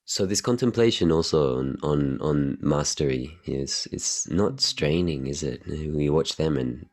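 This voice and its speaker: Male host, extremely deep voice, thoughtful interviewer. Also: a little mellow. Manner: reflective, unhurried questions. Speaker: podcast host. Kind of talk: interview conversation.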